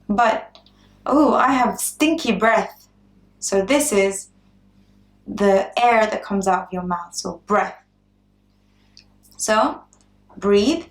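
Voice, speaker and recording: A woman's voice: medium pitch, reverberant. A woman teaching an English lesson, patiently repeating words and giving simple examples. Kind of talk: slow, clear English lesson.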